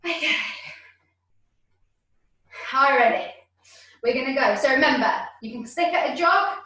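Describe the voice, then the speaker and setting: Woman fitness instructor, video call, high voice, slow cues, very echoey room, distant from the mic. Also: bright, forceful tone. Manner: encouraging, counts reps aloud. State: out of breath at times. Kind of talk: leading an online exercise class. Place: room at home.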